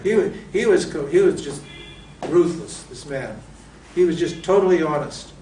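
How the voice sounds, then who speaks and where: A man's voice: a little high, expressive, normal speed, dark tone, slight background noise. Man teaching in a roomy hall. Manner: asks rhetorical questions and answers them. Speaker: Vedanta teacher. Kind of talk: lecture to students. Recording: roomy echo from a distant mic.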